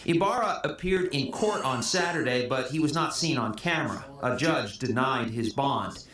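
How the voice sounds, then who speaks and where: Man, news report narration, measured, mid-pitched, roomy clip audio. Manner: measured, even newsreader delivery.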